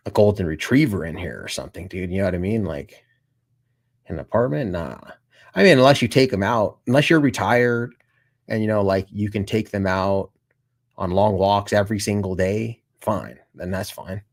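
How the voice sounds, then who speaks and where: A man chatting casually on a live stream, rambling to his viewers, swearing and saying "dude" a lot. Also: fairly low pitch. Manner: talks straight to his viewers.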